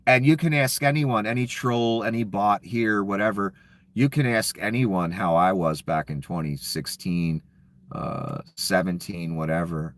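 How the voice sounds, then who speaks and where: A man's voice: on the low side, unhurried, no echo. A man delivering an angry, profane political rant. He is scornful and sarcastic, and he stops to read headlines aloud. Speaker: political commentator.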